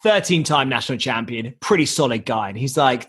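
A young Englishman with a mid-range, slightly breathy voice tells a story a little fast in a casual, jokey way. He animates it by acting out the voices of the people involved.

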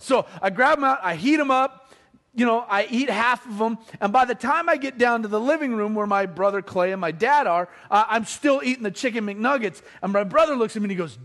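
A man's voice: extremely high pitch, fairly quick. A middle-aged man telling a comic family story to an audience, acting out the voices of his relatives. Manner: animated, acts out family members' voices.

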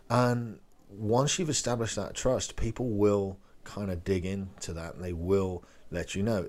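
A man's voice: deep voice, darkish tone. A man, a real estate agent, giving a casual talk that teaches phone sales and acts out short call lines. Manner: conversational, loose, role-plays phone lines.

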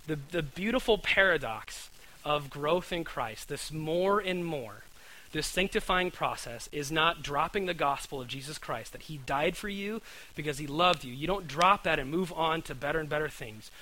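A man's voice: fairly high pitch, lively intonation, normal speed, bright, forceful tone, poor audio. A man preaching a conversational sermon, earnest, often repeating words and asking his listeners "right?".

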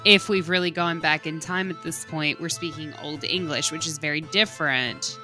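Lady cohost, lowish bright voice, blunt, cusses a lot, faint music. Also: fairly even intonation. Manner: blunt, swears, quick reactions. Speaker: podcast co-host. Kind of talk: casual chat.

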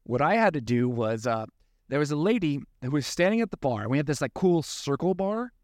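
A man's voice: fairly high pitch, fairly quick, dry recording, studio quality. A man in his forties co-hosting a podcast, chatting casually and joking as he tells a story. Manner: relaxed, jokey, repeats himself. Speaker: podcast co-host.

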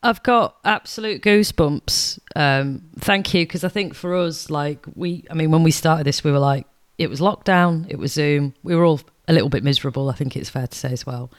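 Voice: mid-range voice, moderate pace, hardly any pauses, dry recording, studio quality. A podcast co-host speaking in a reflective, moved way. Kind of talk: casual chat.

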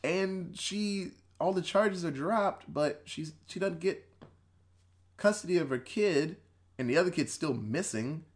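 A man's voice: a little high, lively intonation, measured pace. A man on a podcast casually retelling a horror movie plot, rambling and swearing, quoting the characters as he goes and laughing between points. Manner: profane, rambling storytelling with quoted voices. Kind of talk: casual movie recap chat.

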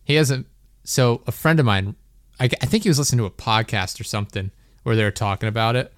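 A man's voice: medium pitch, fast talker, no room sound, studio quality. A young man hosting a podcast, telling a story in a rambling, laughing way, full of "like". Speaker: podcast host. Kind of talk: casual chat.

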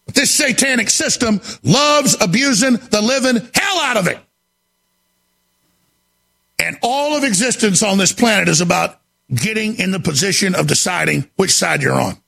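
Male talk radio host, frantic ranting delivery, bright gravelly rasp, high-pitched. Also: lively intonation, moderate pace. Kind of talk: impassioned on-air monologue.

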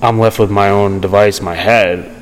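A man's voice: on the low side, steady tone, moderate pace, a little hiss or hum, poor audio. Young man rambling through his story. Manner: rambling, many fillers and restarts. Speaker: podcast guest. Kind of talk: casual storytelling interview.

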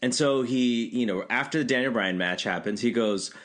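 A man co-hosting a podcast, recounting a story in relaxed casual chat with stammered restarts. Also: mid-range voice, normal speed. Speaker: podcast co-host.

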